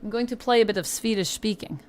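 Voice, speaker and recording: A woman's voice: mid-range voice, fast talker, slight background noise. A woman streamer chatting casually on a livestream, thinking aloud and asking herself questions as she goes.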